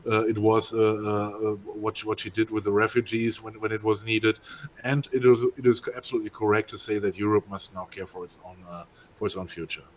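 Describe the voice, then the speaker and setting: A man, a co-host in a casual political chat, who speaks in a halting way full of fillers. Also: fairly low pitch, level tone, slight background noise. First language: German.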